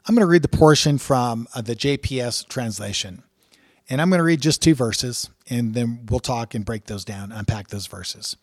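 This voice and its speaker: A man's voice: mid-range voice, moderate pace, dry recording, studio quality. A man teaching from scripture in an earnest way, reading passages aloud with emphatic rises and talking through their meaning. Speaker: Bible teacher.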